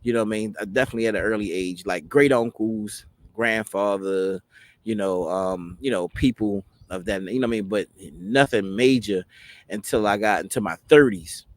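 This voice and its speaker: Rambling man in his forties, low voice. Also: normal speed. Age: 40s. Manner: rambling, many "you know what I mean" fillers. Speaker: host. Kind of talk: personal storytelling monologue.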